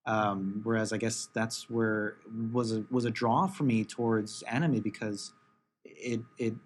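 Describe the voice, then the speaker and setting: Husky man, halting podcast chat. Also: on the low side, steady tone. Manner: hesitant, many fillers and restarts. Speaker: podcast co-host. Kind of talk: casual chat.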